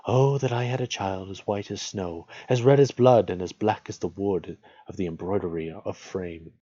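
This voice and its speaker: A man reading the lines of a proud, cold queen in a storybook, in his own low voice. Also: normal speed, dark tone, highs cut off. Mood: wistful.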